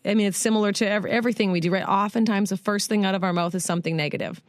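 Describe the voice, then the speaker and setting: A woman hosts a live radio talk show with a chatty, teasing warmth and easy laughter. Her voice sits in a middle register and is recorded close and dry, with no room around it. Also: medium pitch, fairly even intonation, very fast, no echo. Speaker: radio show host and life coach. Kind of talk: live radio interview chat.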